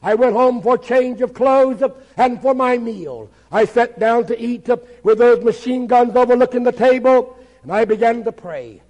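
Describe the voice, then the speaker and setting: Man, pastor, impassioned testimony sermon, very high-pitched voice, long hall echo. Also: normal speed, a little mellow. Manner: impassioned, dramatic storytelling.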